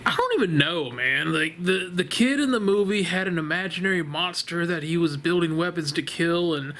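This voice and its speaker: A man's voice: on the high side, animated, moderate pace, a bit bright, a little hiss or hum. A man casually reviewing a horror movie from his couch at home, rambling and laughing, blunt and profane. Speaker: vlogger reviewing a horror film. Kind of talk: casual spoken film review. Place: living room couch at home.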